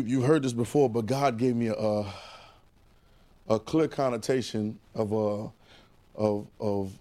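A man preaching a sermon in call-and-response style, repeating phrases and swinging between loud and hushed delivery. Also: mid-range voice.

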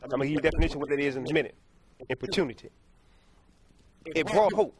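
This male preacher talks fast in a slightly high voice, delivering his sermon in a homespun, repetitive way. He keeps correcting himself and chuckling at his own anecdotes, while crowd noise from the congregation sits in the background.

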